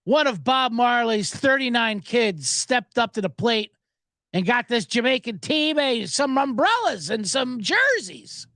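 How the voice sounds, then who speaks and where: Very high-pitched and very animated, this man hosts a sports betting show at an unhurried pace with a bright, forceful tone. The recording is dry and clean studio sound, and his commentary is a loose, profane, joking ramble full of asides.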